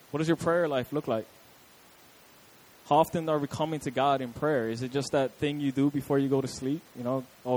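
A man's voice: medium pitch, darkish tone, low-quality recording. A young adult man preaching a casual, conversational sermon with chatty asides to his listeners.

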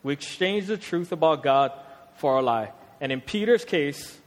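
A young man delivers a casual sermon, easygoing and full of slang. His voice sits a bit high for a man, and a long church-hall reverb trails every phrase. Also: normal speed. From Hawaii. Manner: conversational, animated, street slang. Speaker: preacher.

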